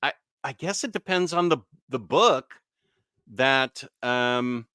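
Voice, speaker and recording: An easygoing man hosts a live stream and chats his way through viewer comments, loose and conversational. His voice is bright and forward, and it comes through clean and smooth. The sound is close and dry, with no room around it. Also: mid-range voice, expressive, takes it slowly, no echo. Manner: easygoing, chatty, with frequent fillers and mild self-corrections.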